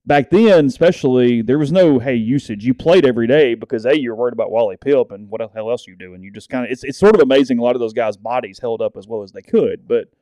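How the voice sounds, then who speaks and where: A man's voice: medium pitch, lively intonation, fast, few pauses, warm tone, dry recording. A man with a Southern US accent co-hosting a podcast, telling a rambling sports story in casual chat and acting out the quotes. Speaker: podcast co-host.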